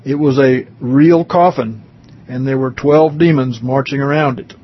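A man's voice: medium pitch, fairly even intonation, unhurried, slightly rough, dull audio. A man reading a religious testimony aloud in an earnest way, stumbling now and then, with his own comments in between. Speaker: reader.

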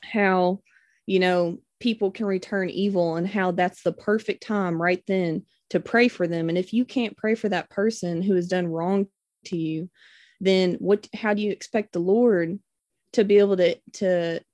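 A woman's voice: on the low side, steady tone, a little slow, darkish tone, no room sound. A young woman shares a personal testimony with her church group, wandering through the tale with plenty of "um" and "like." She acts out the quoted voices as she goes. The sound is dry and close. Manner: rambling storyteller, many fillers.

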